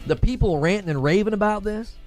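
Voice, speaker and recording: A man's voice: high voice, quick pace, darkish tone, soft background music. A man giving an opinionated monologue to his viewers in a lecturing tone, repeating his points. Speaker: online video commentator.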